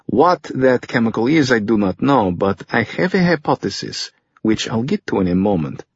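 A man's voice: mid-range voice, expressive, breathy edge, no room sound. A male audiobook reader voicing a methodical older male scientist explaining his findings. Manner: measured, explanatory. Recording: dull lo-fi recording.

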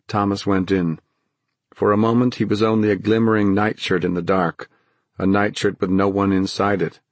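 Deep, husky male audiobook narrator. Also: dry recording. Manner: measured, dramatic storytelling. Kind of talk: scripted fantasy narration.

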